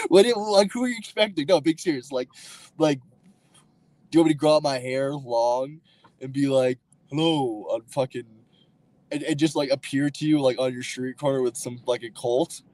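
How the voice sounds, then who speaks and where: A man's voice: mid-range voice, normal speed, long pauses, darkish tone, no room sound, low-quality recording. A man hosting a livestream, rambling and arguing with his chat in a loose, profane way, full of fillers and restarts. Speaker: livestream host. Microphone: streaming mic.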